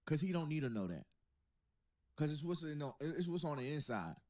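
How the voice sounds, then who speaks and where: A man's voice: a little high, sing-song, moderate pace, darkish tone. A man hosting a podcast, reacting with incredulous jokes and laughter in casual banter. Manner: incredulous, joking commentary with laughter. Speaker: podcast host.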